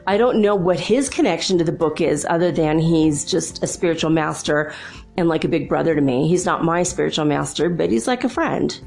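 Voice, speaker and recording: A woman hosting a spiritual talk show, telling a personal story in a chatty, animated way and laughing often. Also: on the low side, normal speed, faint music behind. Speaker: host.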